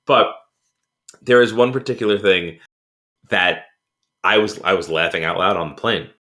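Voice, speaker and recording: Low-pitched and forceful yet bright, this man co-hosts a podcast at a moderate pace. In casual chat he rambles, stumbling through fillers and restarts, and laughs while recounting film scenes.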